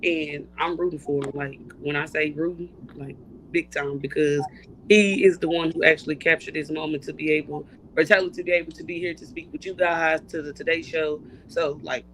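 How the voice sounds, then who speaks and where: A woman's voice: low-pitched, brisk, a little hiss or hum, low-quality recording. A woman from Louisiana, a mother telling stories as a guest in a casual chat. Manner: animated storyteller, laughs while telling.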